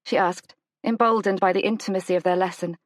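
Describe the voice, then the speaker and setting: A woman narrating a romance audiobook in a measured, gentle storytelling manner. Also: fairly even intonation, dry recording. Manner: measured, gentle storytelling, lifts pitch for the heroine's lines. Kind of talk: scripted narration of a romance novel.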